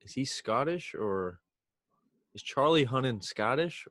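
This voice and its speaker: A man's voice: mid-range voice, animated, measured pace, a bit bright, no echo. Man, jokey host, laughs a lot, ribs guests, dry close sound. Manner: jokey, laughs often, ribbing. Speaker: podcast host. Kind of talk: casual chat.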